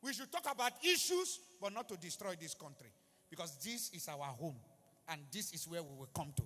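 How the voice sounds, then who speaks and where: A man with a Nigerian accent preaching a sermon in a church. He pleads with the congregation and breaks into sudden loud, emphatic rises. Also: a little high, big pitch swings, a little fast, big-room sound. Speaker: pastor. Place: large church.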